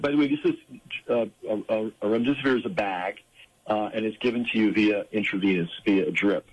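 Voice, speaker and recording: Husky, low-voiced man, halting and earnest. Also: low-quality recording. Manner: earnest, halting with frequent fillers and restarts. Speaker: interview guest. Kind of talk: conversational interview.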